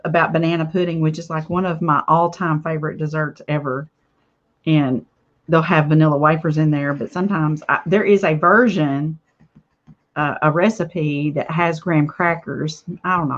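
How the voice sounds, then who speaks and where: A woman chatting casually to viewers while she makes a craft project, rambling from one thought to the next. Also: low-pitched. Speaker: craft vlogger. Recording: slightly dull lo-fi audio.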